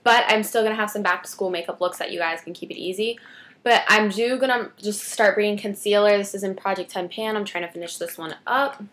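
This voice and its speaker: A woman's voice: medium pitch, fairly even intonation, a little fast, fairly bright tone. Chatty teenage girl vlogging. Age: teens. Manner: chatty, rambling asides. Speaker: beauty vlogger. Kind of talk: casual chat to camera.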